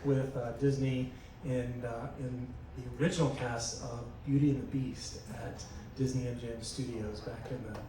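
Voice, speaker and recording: A friendly man with a Southern US accent introduces himself on a live panel. He is picked up from a distance in a very echoey venue. Clear room ambience runs beneath. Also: mid-range voice, level tone, normal speed, mellow. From Charlotte, North Carolina. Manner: friendly, self-deprecating. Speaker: casting director, panelist. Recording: echoey hall from far off, ambient noise.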